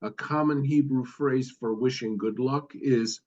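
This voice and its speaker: A man reading a text aloud in a study session, steady with occasional stumbles and self-corrections. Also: mid-range voice, measured pace. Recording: dull lo-fi audio.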